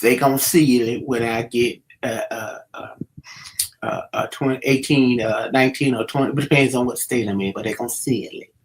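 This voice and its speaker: A man's voice: medium pitch, steady tone, normal speed, slight background noise. A middle-aged man giving casual, preachy commentary, using street slang and many fillers as he warns young people. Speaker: vlogger.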